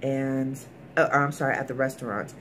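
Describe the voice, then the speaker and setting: A woman's voice: very deep voice, steady tone, fairly quick, a bit bright, slight background noise. Emphatic woman recapping a TV episode. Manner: emphatic, colloquial, talks straight to viewers. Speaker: TV episode reviewer.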